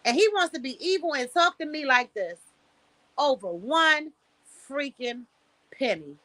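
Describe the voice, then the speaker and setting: Blunt, bright-voiced woman streamer. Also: sits high, lively intonation, measured pace, no room sound. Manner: blunt, profane, preachy advice with storytelling. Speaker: livestream host. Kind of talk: casual livestream talk. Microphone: streaming setup, close mic.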